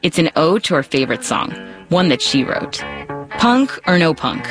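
A woman reporter narrating a scripted radio news feature in a measured, storytelling way. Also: deep voice, very animated, faint music behind.

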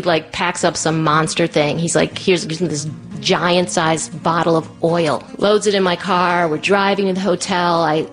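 Woman storyteller, low-leaning voice, lively delivery that slips into other people's voices, faint music underneath. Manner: animated, acts out voices of the people in her story. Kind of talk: personal storytelling monologue.

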